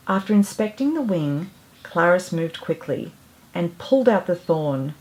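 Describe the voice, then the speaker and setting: A woman reading a rhyming picture book aloud, gentle and expressive. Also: on the low side, measured pace. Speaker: storyteller.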